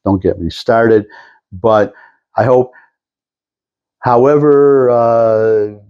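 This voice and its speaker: A man's voice: mid-range voice, drawn-out words, smooth, highs cut off. An older man talking to camera in a rambling, meandering monologue with lots of restarts and asides. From Detroit area. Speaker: vlogger.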